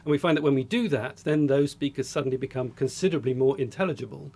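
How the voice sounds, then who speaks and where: A man, a speech technology researcher, explaining his work in a measured interview. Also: medium pitch, dark tone.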